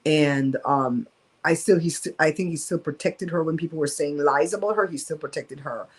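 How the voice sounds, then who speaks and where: A woman's voice: low voice, normal speed, husky, poor audio. A woman hosting a casual live-stream storytime from home, talking in a candid, emphatic and gossipy way. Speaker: host of a live show.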